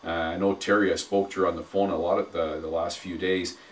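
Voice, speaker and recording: A man co-hosting a casual sports talk show who speaks in halting bursts full of fillers, building up enthusiasm as he goes. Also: deep voice, little pitch movement, recorded from a distance. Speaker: podcast co-host and arena announcer.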